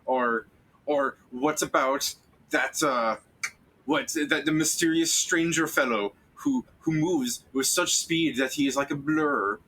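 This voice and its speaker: A man's voice: fairly high pitch, slow, sharp tone, exaggerated voice, low-quality recording. A man voicing a worried male townsperson who rambles and turns sarcastic. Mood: snippy.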